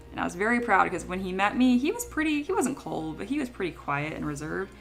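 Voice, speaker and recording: A woman's voice: lowish voice, lively intonation, fast, vocal fry, few pauses, a bit bright, faint music behind. A young woman from California chatting casually while she works on a livestream, rambling and laughing often. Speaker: 3D sculptor streaming her work.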